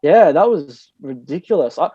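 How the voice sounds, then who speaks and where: Young aussie dj rambling on, kinda high for a guy, swears a lot, dull dry recording. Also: animated, moderate pace, slightly rough, dry recording. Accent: Australian. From Australia. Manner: rambling, self-mocking, swears freely. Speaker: guest DJ and producer. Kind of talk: casual interview chat.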